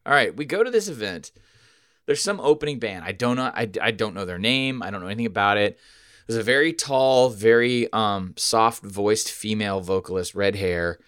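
A man hosting a podcast, telling a rambling, profane story with sudden loud outbursts. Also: lowish voice, expressive, normal speed, clean tone, no room sound, studio quality. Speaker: podcast host. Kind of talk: casual storytelling chat.

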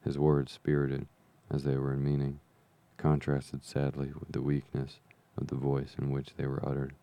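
A man reading an old adventure novel aloud as a calm bedtime story, slow, even and soothing. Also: extremely low pitch, vocal fry. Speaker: podcast reader.

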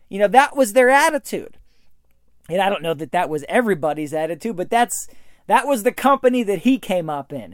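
A man's voice: high-pitched, clean tone, dry recording, studio quality. A man hosting a podcast, telling stories on his own and acting out the people he quotes, with a lot of fillers. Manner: animated when quoting others, many fillers. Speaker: podcast host. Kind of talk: solo podcast monologue, storytelling.

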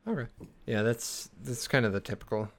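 A young man hosts a casual podcast with friends, rambling along with plenty of fillers and false starts. His voice sits at an ordinary middle pitch. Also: normal speed. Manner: rambling, many fillers and restarts. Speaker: podcast host. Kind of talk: casual chat.

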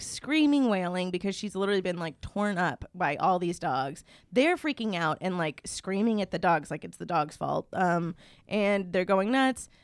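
A woman's voice: mid-range voice, dry recording. Rambling woman telling a story. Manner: rambling anecdote with many fillers. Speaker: podcast co-host. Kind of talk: casual chat, storytelling.

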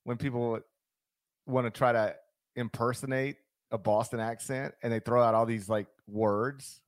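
Male sports radio host, quick joking banter, dry close mic. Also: mid-range voice, fairly even intonation, no echo. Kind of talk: casual sports talk.

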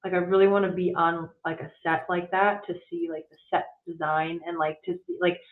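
A woman's voice: on the low side, level tone, a little fast, echoey room. Rambling young woman over tinny line. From Michigan. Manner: rambling, lots of filler likes. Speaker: guest singer-songwriter. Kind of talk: casual interview chat.

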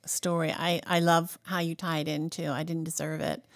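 A woman's voice: low voice, flat delivery, moderate pace, gravelly, no echo, clean studio sound. A woman host asking affirming questions in a faith interview.

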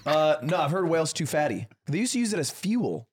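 A man's voice: on the high side, sing-song, brisk, background noise. A young man co-hosting a podcast, dropping dry sarcastic remarks in casual chat. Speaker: podcast co-host.

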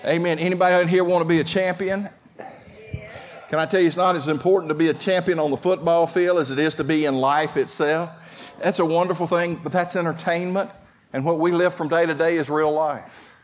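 A pastor preaching a sermon, talking conversationally and calling out to the congregation. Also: male voice, fairly high pitch, fairly even intonation, fairly quick, slight background noise. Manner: conversational preaching with audience call-outs.

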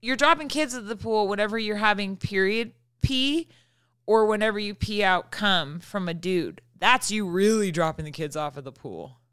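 Bright-voiced woman podcast host. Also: mid-range voice, moderate pace, clear, resonant tone, dry recording, clean studio sound. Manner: candid, laughs often, animated storytelling. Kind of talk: casual chat.

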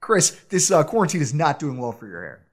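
A man co-hosting a podcast, telling a self-deprecating story in a casual, animated way with frequent laughs. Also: on the high side, a little fast. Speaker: podcast co-host.

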